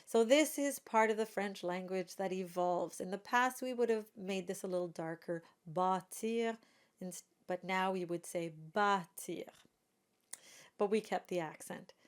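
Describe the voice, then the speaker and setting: A woman's voice: mid-range voice, moderate pace, hardly any pauses. A woman coaching pronunciation of a song, patiently modelling sounds and repeating each one. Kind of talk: pronunciation lesson.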